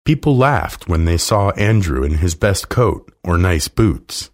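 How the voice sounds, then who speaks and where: Slow deep-voiced male storyteller. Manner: slow, expressive reading. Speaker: narrator. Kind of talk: storybook read-aloud.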